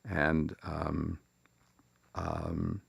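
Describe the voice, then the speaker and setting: An older man from Chicago telling a personal story about a lifelong friend, reflective and halting, with a gravelly voice. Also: a bass voice, level tone, no room sound.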